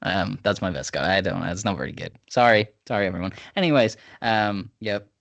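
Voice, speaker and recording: A man's voice: deep voice, a little fast, vocal fry, fairly bright tone, dull audio. A man hosting a podcast in a rambling, laid-back chat, sipping whiskey. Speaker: podcast host. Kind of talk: casual chat.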